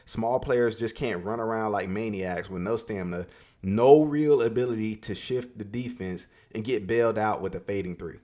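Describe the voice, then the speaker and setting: A man's voice: lowish voice, moderate pace, dark tone. A man giving an emphatic, profane, opinionated rant about a video game, repeating his points for emphasis. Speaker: gaming commentator.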